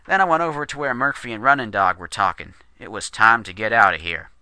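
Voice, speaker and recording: Bright-voiced male story narrator. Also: lowish voice, fairly quick, few pauses, clean tone, dry recording. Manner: steady, descriptive storytelling. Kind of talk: scripted narration of a western horror story.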